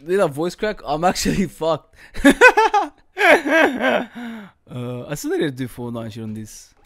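A young man giving casual gaming commentary, swearing a lot, laughing often and yelling now and then. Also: a little high, wildly swooping pitch, measured pace. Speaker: gaming YouTuber.

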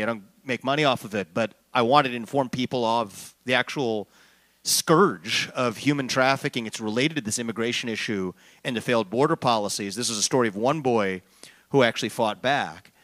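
Man hosting a town hall, bright, forward voice, dry close sound, fluent and rallying. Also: mid-range voice. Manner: fluent, animated, jokey asides, rallying. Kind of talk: public town hall remarks.

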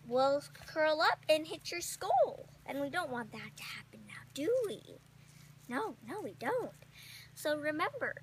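A woman's voice: high-pitched, sharp tone, a little hiss or hum, heavily acted. A woman playing a chirpy flying squirrel teacher. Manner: sing-song, encouraging, repeats praise. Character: eager female flying squirrel teacher at rodent school. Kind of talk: amateur comedic role-play.

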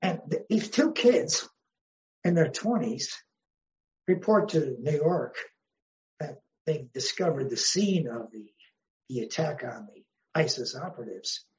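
A man's voice: fairly high pitch, lively intonation, a little slow, long pauses, lo-fi sound. A man, a history professor, speaking as an interview guest in an emphatic, wry way and posing rhetorical questions. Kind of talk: conversational interview.

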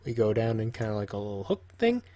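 A man's voice: on the low side, very animated, quick pace, warm tone. A man casually teaching, joking and talking to himself while he draws. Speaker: language teacher. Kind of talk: casual tutorial while drawing.

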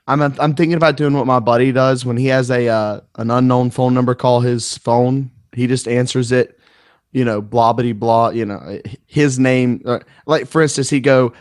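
A man's voice: mid-range voice, fairly even intonation, normal speed, no room sound, clean studio sound. A man co-hosting a podcast, telling laid-back anecdotes in casual chat and quoting himself. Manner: laid-back storyteller who quotes himself. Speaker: podcast co-host.

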